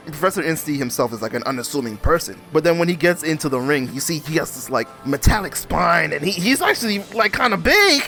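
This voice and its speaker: A young man recapping a comic in a casual, animated, slangy way, often laughing as he rants. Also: fairly high pitch, a little fast, hardly any pauses, faint music behind. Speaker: comic reviewer.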